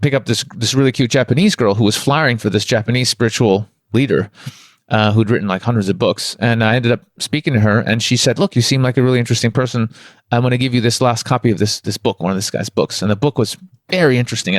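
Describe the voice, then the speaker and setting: A man from Toronto, a guest on a podcast, rattles off a personal spiritual story at a quick clip. His talk rambles but stays candid. The sound is dry and close, with no room around it. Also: medium pitch, no echo. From Toronto, Canada. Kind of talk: conversational storytelling.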